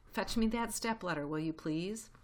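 A woman's voice: fairly low pitch, normal speed, lightly acted. A woman reading a storybook voices a clever, gleeful fox father who gives grand orders. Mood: relishing.

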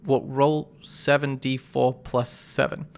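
A man's voice: mid-range voice, level tone, slow, gravelly, clear, resonant tone. A man narrating and running a tabletop role-playing game, talking casually and thinking aloud. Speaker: game master.

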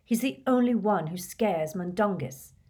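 A woman's voice: medium pitch, expressive, a little slow, a little mellow, voice pushed up. A woman doing a furious teenage boy. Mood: angry. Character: angry teenage boy wizard.

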